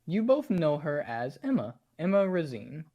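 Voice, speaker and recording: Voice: mid-range voice, big pitch swings, normal speed, lo-fi sound, a little hiss or hum. A game master narrating a tabletop horror game and asking players for rolls.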